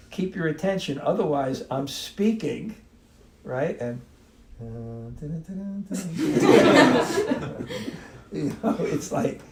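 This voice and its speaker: Slow-speaking male spiritual teacher, echoey room. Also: medium pitch, a little mellow. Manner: unhurried, repeats and restarts words, chuckles now and then. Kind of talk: devotional talk on a live stream.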